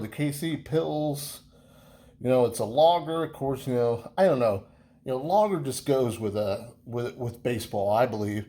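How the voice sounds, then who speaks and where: A man's voice: mid-range voice, measured pace, warm tone. Rambling, easygoing man reviewing beer. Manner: rambling, full of fillers and restarts; easygoing, chatty. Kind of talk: casual beer review vlog.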